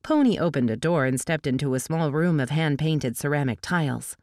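Female audiobook narrator, low and dry, measured storytelling delivery. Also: expressive, a little mellow, no room sound. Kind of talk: scripted narration.

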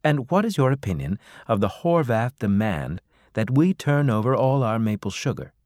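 A man's voice: mid-range voice, big pitch swings, normal speed, darkish tone, no room sound, clean studio sound, natural voice. A man voicing a polite, earnest female field reporter.

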